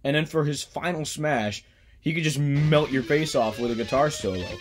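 A man hosting a comedy rant. He rambles on loosely and bursts out loud now and then. Faint guitar plays behind his voice. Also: on the high side, normal speed. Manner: rambling, with sudden loud outbursts. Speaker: video host.

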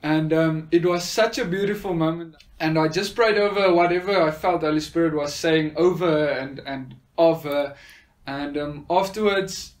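A man tells a personal faith testimony in an earnest, sincere way. His voice sits a little higher than most men's, and he often pauses on soft fillers as he gathers his thoughts. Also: steady tone. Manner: earnest, with frequent hesitant fillers. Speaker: speaker sharing a faith testimony.

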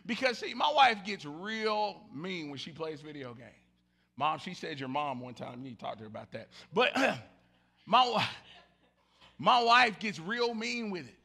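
A middle-aged man preaching a lively sermon, jumping between shouted lines and low, quiet asides. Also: moderate pace, pauses often, breathy edge. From Southern United States. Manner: animated storytelling, swinging from loud shouts to low murmurs. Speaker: pastor. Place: church sanctuary.

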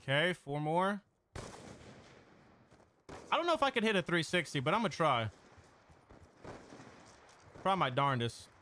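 A young man streaming a shooter game live, talking to his chat in excitable, profane trash talk. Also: fairly high pitch, measured pace, pauses often, a little hiss or hum. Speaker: gaming streamer. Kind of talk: live-stream gameplay commentary.

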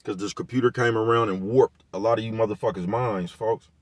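A lowish-voiced male vlogger keeps a steady tone and a brisk pace as he rants casually to camera. He sounds relaxed, circles back on the same points, and swears and uses slang throughout. The sound is close and dry with no room sound at all.

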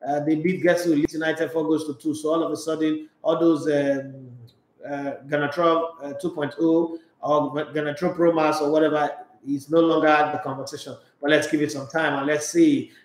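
Nigerian guy ranting about football, high voice, echoey room, gets loud and laughs a lot. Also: moderate pace. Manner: excitable, laughing, mixes in pidgin. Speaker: sports show host. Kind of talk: animated sports talk monologue.

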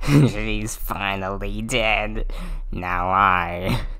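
A man's voice: lowish voice, gravelly, pushed and bright, heavily acted. A man voicing a treacherous little male gremlin who talks in a gleeful, cocky way.

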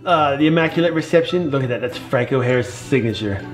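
Excitable dad giving a home tour. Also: male voice, medium pitch, fast. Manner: excitable, exclamatory, talking to kids and viewers. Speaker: father and family vlog host. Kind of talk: casual home-tour vlog. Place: family home indoors. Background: background music.

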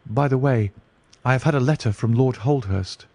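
A man's voice: mid-range voice, moderate pace, warm tone, no room sound, pitched above the performer's own voice, natural voice. An anxious young diplomat, weak from illness and clinging to hope. A male narrator lifts his voice well above his own for him. Eager, fretful delivery, with a dry close sound.

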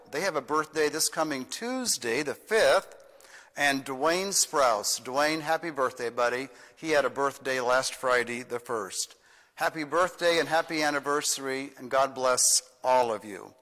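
An older man leads his congregation as their pastor, folksy and playful, with a bright, forceful voice pitched a little high. His words ring in a long church reverb, with soft guitar behind him. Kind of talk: children's song and church announcements.

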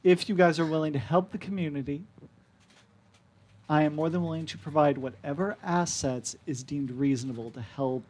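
A man's voice: on the high side, moderate pace, a little mellow, lightly acted. A man voicing a formal, officious woman mayor in a tabletop game. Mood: placating. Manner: stiff, officious speech. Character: formal middle-aged woman town mayor.

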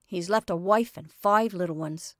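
A woman's voice: on the low side, moderate pace, no echo, clean studio sound, natural voice. Woman reading as a gossipy delivery man. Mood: relishing. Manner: chatty, relishing. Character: gossiping male delivery man, relishing bad news. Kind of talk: storybook reading.

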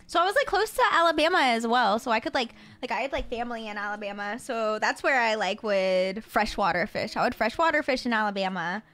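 A woman's voice: fairly high pitch, expressive, brisk, few pauses, fairly bright tone. A young woman from the Florida Panhandle chatting casually with her live-stream viewers, rambling with lots of fillers and stumbling over her words. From Florida Panhandle, USA. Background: faint music.

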